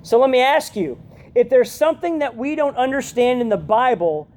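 A woman giving a conversational youth sermon, often checking in with her listeners with a quick "right?". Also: on the high side, expressive, a little mellow, a little hiss or hum. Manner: chatty, keeps asking "right?". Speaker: youth pastor.

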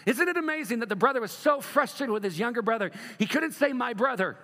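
Animated high-voiced male pastor preaching. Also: in a large hall. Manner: animated, swings from loud emphatic to soft and slow. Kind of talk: sermon.

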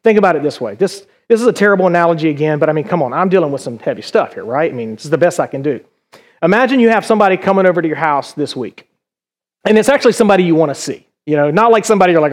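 A man's voice: high voice, expressive, fast. A middle-aged male pastor preaching a conversational sermon in a church, full of rhetorical questions.

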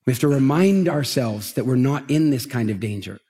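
Animated man speaking live on stage. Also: mid-range voice, fairly quick, breathy edge. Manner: animated storytelling, asks the audience questions. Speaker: motivational speaker. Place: large event stage with an audience.

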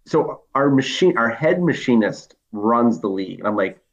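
A man in casual podcast chat, easygoing and quick to laugh. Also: mid-range voice, expressive, dull audio, a little hiss or hum.

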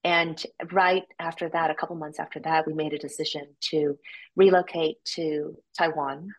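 Lower-voiced woman telling a personal story. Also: moderate pace, low-quality recording. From United States. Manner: animated, acts out quoted voices with sudden jumps in pitch. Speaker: podcast guest. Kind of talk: casual interview storytelling.

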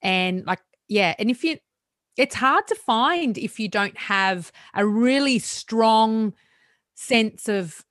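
A woman hosting a podcast, asking gentle, encouraging follow-up questions. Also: on the high side, lively intonation, slow pace, no echo, studio quality. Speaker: podcast host. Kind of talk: interview conversation.

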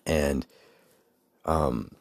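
A man's voice: extremely low pitch, fairly even intonation, very slow, creaky, dry recording, studio quality. A man in his forties telling a rambling personal story, with many fillers and digressions. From United States. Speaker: speaker recounting a personal story. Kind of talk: casual storytelling monologue.

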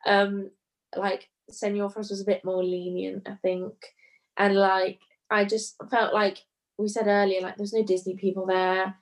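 Woman in casual chat, mid-pitched voice, loose filler-heavy delivery. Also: flat delivery, measured pace, poor audio. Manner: chatty, says "like" often.

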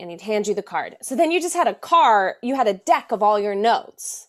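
A woman's voice: medium pitch, normal speed, hardly any pauses. A young adult woman, a Broadway performer, chatting as a podcast guest and acting out the quotes in her stories. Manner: animated storyteller, acts out quotes. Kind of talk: casual podcast interview.

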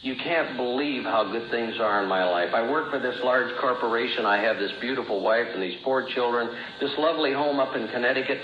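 A man's voice: fairly quick, hardly any pauses, slight background noise. A middle-aged man giving an earnest personal testimony as a recovery speaker, with a storytelling manner that rises and falls. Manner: earnest storytelling, rising and falling pitch. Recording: roomy, dull old recording.

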